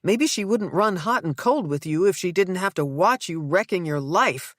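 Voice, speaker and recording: A woman voicing a tense middle-aged mother in an audiobook, clipped and sharp. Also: lowish voice, lively intonation, normal speed, no echo, clean studio sound, close to an everyday voice. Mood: furious.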